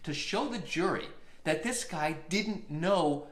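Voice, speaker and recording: A man, a lawyer hosting a live stream, telling a courtroom story in a lively way and acting out the quotes. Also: fairly high pitch, slow, echoey room.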